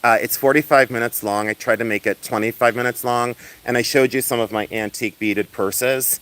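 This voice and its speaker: A man with an ordinary mid-range voice talks loudly and flamboyantly on a casual livestream. He chats with viewers from outdoors in the sun and laughs often. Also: mid-range voice, steady tone, fairly quick, clean tone. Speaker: livestream host selling and showing jewelry.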